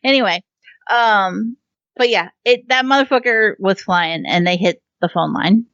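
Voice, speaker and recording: A woman's voice: mid-range voice, measured pace, a bit bright, no room sound, dull audio. A woman co-hosting a podcast in casual chat, telling a story with lots of laughter and cursing. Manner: laughing storyteller, swears freely. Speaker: podcast co-host.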